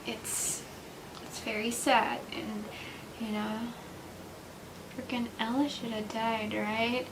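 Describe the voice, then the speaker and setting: Slow-talking young woman, distant mic. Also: on the high side, reverberant. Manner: chatty, laughs often, drops to whispers. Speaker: book vlogger. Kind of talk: casual reading vlog. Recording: distant mic with steady background hiss.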